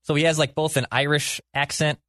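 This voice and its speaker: A man joining a casual film podcast with quick, brief interjections. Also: fairly high pitch, flat delivery, fairly bright tone, no room sound.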